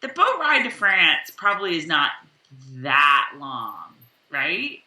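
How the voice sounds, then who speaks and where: Woman co-host, very bright and animated, sits back from the mic in an echoey room. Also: low-pitched, slow pace, far from the mic. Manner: animated, rambling with restarts. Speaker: podcast co-host. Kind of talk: casual chat recapping a TV episode.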